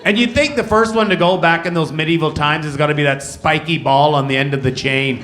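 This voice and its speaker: A man from Canada performing a stand-up comedy set on stage before a live audience, telling stories and breaking into loud shouted bits. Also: on the high side, brisk, few pauses. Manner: animated, jumps into loud shouted character bits.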